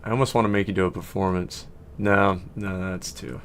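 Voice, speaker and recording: Low-voiced man running a tabletop game. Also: steady tone, fairly quick, slight background noise. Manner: rambling, self-correcting narration. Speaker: game master.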